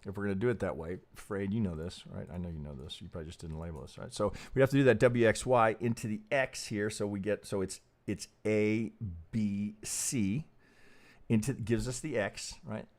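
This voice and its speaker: A man hosting a casual trading live stream, thinking aloud as he goes, swearing freely and asking "right?" again and again. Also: normal speed. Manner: pitch jumps up when emphatic, drops low and soft when muttering.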